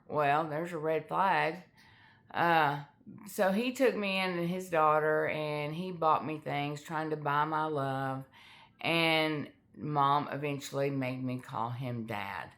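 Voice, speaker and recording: A middle-aged woman telling a personal family story in a candid, halting way with many fillers. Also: deep voice, fairly bright tone. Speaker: author sharing her life story.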